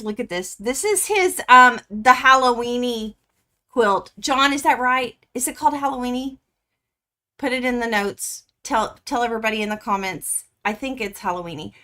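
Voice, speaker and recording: Gushing, bright-voiced woman quilter. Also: a little high. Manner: gushing, excitable, chatty with viewers. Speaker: quilting livestream host. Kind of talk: casual live stream chat. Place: home quilting studio.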